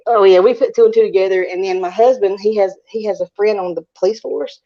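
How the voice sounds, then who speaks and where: A woman with a drawl tells a story on a live talk stream, animated and quick to laugh, acting out her own reactions as she goes. The audio comes through a little muffled. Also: mid-range voice. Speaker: panelist.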